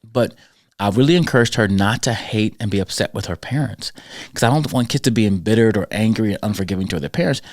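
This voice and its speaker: Lower-voiced man telling animated stories. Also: quick pace, dry recording, studio quality. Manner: animated storyteller, acts out quoted voices. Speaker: podcast host and school character-education speaker. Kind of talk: conversational storytelling.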